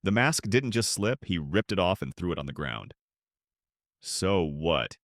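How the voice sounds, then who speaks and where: Low older man telling a dramatic tale. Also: sing-song, fairly quick, fairly bright tone, no echo, studio quality. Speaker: narrator. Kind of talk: dramatic first-person storytelling.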